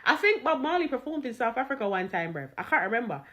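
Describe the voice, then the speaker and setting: A woman, reacting and telling stories in a casual, animated way, swearing and laughing. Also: a little high, quick pace. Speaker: reaction video host.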